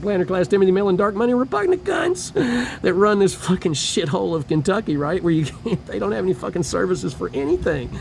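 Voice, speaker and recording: A man's voice: sits high, creaky, a little mellow, a little hiss or hum. A middle-aged man in a homeless shelter, ranting bitterly and profanely, laughing through his grievances. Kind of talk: profane personal rant to camera.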